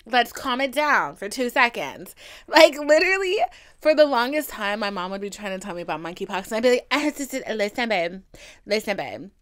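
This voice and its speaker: A woman's voice: fairly high pitch, big pitch swings, fairly quick. Sassy, dramatic young woman podcast host. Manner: dramatic, swings between loud exclamations and hushed whispers; profane, sassy storytelling. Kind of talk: comedic solo podcast monologue.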